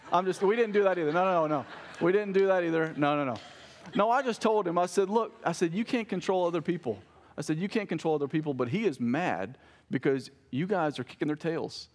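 A man in his thirties preaching a sermon as a pastor, conversational, telling family stories and joking with the congregation. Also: fairly high pitch. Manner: conversational preaching with family anecdotes and self-corrected jokes.

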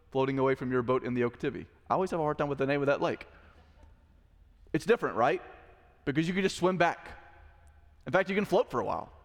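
A man's voice: a little high, in a large hall. A man preaching a sermon as pastor, talking conversationally and asking the congregation questions. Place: church sanctuary.

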